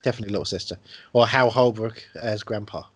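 A man's voice: fairly low pitch, quick pace, slightly rough, no room sound. Enthusiastic man chatting about films. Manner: enthusiastic, jokey, drifts into tangents. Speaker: podcast co-host. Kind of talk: casual film chat.

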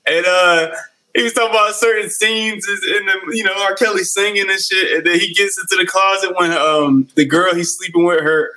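A man's voice: high-pitched, fairly even intonation, normal speed, sharp tone, low-quality recording. A man in a casual chat, loose and slangy, laughing as he tells stories.

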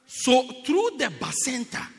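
A man preaching a sermon to a congregation in an animated, playful, teasing way, heard with long reverb in a church hall. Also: very high voice, unhurried, gravelly.

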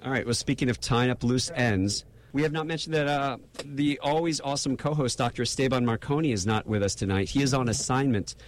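A man's voice: mid-range voice, fairly quick, slight background noise. A man hosting a live radio talk show, talking in a chatty, rambling way with frequent restarts.

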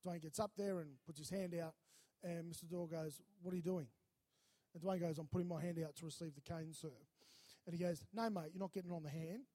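A man preaching a sermon, telling a lively story and acting out the voices in it. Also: a little high, a little fast. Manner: animated, acts out voices in his stories. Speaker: pastor.

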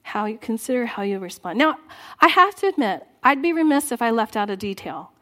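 High-voiced woman preaching a sermon. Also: very animated, a little fast. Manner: earnest, rising to exhort then dropping soft and low. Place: church sanctuary.

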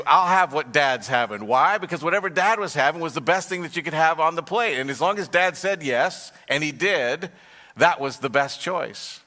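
A man's voice: fairly high pitch, bright, forceful tone. A man, a pastor, preaching a sermon with storytelling that builds to emphatic passages. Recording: long hall reverb.

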